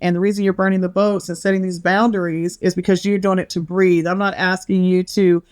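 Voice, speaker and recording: A woman's voice: fairly low pitch, level tone, brisk, darkish tone, smooth, dry recording, studio quality. A middle-aged woman on a podcast, a bubbly storyteller who acts out quotes and laughs often. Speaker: podcast guest, wellness author. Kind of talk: casual interview chat.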